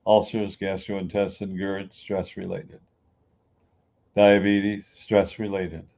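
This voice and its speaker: Deep mellow guy from the east coast doing a folksy pep talk, kinda dull lo-fi sound. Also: little pitch movement, takes it slowly. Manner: folksy, emphatic, acts out everyday people. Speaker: inspirational speaker. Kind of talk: motivational talk.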